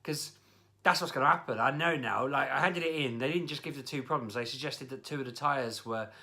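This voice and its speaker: A man's voice: medium pitch, fairly quick, bright, forceful tone. A man telling a casual, exasperated story, grumbling as he goes. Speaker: vlogger. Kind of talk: casual spoken rant.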